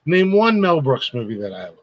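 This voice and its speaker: A man's voice: fairly high pitch, sing-song, fairly quick, lo-fi sound. A man hosting a podcast in casual banter, teasing his co-host and laughing often.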